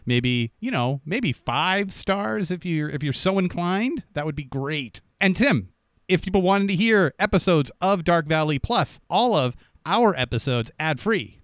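A man's voice: on the high side, expressive, unhurried, fairly bright tone, dry recording. A man co-hosting a podcast, chatting in an upbeat, playful way into a studio microphone. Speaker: podcast co-host. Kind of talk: casual podcast chat.

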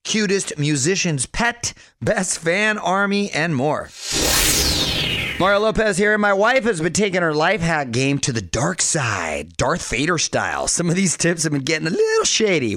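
A man hosting a radio show in a studio, talking in an energetic, chatty way and laughing often. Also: a little high, normal speed, slight background noise. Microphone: studio microphone.

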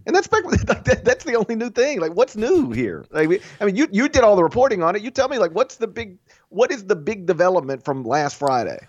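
A man talks sports on a podcast in a lively, swooping voice with a slightly raised pitch. He is opinionated and acts out the voices of the people he quotes. The sound is dry and a little dull. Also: fast talker, no echo. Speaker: college basketball podcast co-host. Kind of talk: casual podcast chat.

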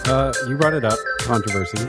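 A man's voice: medium pitch, fast, loud music behind the voice. A man hosting a casual interview, asking probing questions in a playful way. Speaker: podcast host.

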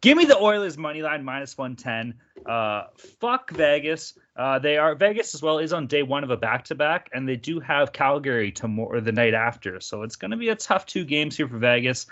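A man's voice: medium pitch, a bit bright, muffled recording. A man hosting a casual hockey betting chat, brash and profane. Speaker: host.

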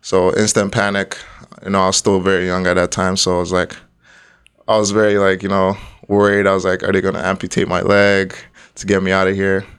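A man's voice: low-pitched, completely flat delivery, a little fast, fairly bright tone, clear, resonant tone. A young man from Nigeria, the guest, telling a story in casual chat and laughing often along the way.

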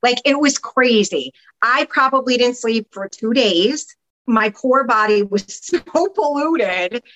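A woman guest on a podcast, candidly recounting her past in an animated, casual way, sometimes swearing and acting out what others said. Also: on the high side, slow pace, lo-fi sound. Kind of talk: candid personal storytelling.

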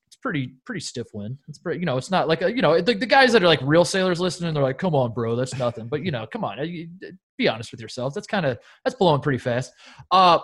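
A man from Indiana co-hosting a podcast in casual chat, telling animated stories and swearing freely. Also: on the high side. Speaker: podcast co-host.

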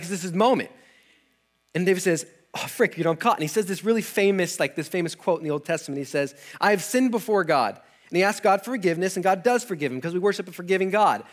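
A young adult man preaching, retelling a scripture story casually with slang, laughs and acted-out character lines. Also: on the high side.

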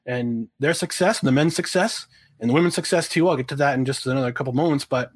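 A man's voice: mid-range voice, fast, slightly rough. A man in casual sports talk who speaks indignantly, breaking off and restarting his sentences.

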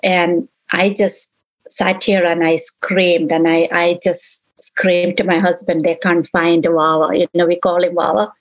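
A middle-aged woman in an interview, recounting a painful memory in halting speech that repeats itself and acts out past conversations. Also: lowish voice, low-quality recording. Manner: halting, repeats herself, relives quoted dialogue. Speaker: interviewee, mother of victim.

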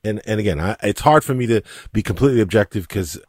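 A man co-hosting a discussion, talking in an emphatic, animated way. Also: fairly low pitch, fast, breathy edge, no echo. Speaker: co-host. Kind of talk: casual discussion. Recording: dry close mic.

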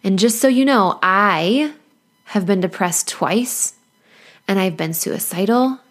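Woman coach talking on her podcast, earnest and encouraging, laughs a lot, mid pitch. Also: slow pace. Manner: earnest and encouraging, laughs often, playful asides. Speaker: life coach and podcast host. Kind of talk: motivational podcast monologue.

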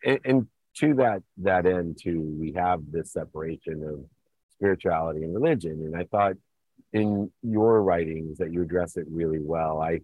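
Super low husky voice, host guy asking long questions, sounds like a dry phone line. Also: steady tone, normal speed, no echo. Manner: earnest, long rambling questions. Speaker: interviewer host. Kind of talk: interview questions.

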